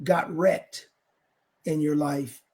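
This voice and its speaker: A man hosting a casual podcast interview, asking halting questions with a joking edge. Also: on the high side, fairly even intonation, a little mellow. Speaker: podcast host.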